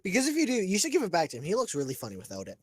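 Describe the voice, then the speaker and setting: A Canadian man with a lively, bouncing voice teases his friends on a podcast, dropping corny knock-knock jokes in casual banter. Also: high voice, racing, husky. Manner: teasing, tells corny jokes. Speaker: podcast guest.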